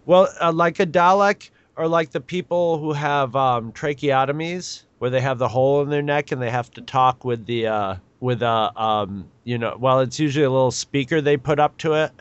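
A man co-hosting a podcast, talking in a rambling, halting way with many restarts. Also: mid-range voice, clear, resonant tone, no room sound, dull audio. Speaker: podcast co-host. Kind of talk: casual chat.

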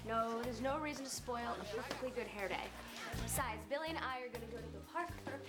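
A woman's voice: on the high side, quick pace, natural voice. A young actress playing a bubbly, teasing teenage girl in a 1990s TV series. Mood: cheerful. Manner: chirpy and teasing. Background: music.

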